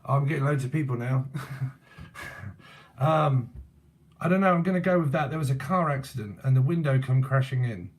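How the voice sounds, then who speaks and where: A man's voice: mid-range voice, moderate pace, long pauses. A man as a tarot reader channeling spirits, musing aloud in a loose, casual way with frequent chuckles. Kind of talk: psychic channeling session.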